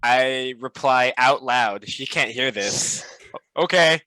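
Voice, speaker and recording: An eager, bright-voiced man playing a tabletop game. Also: mid-range voice, steady tone, takes it slowly, smooth, rough recording. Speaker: player.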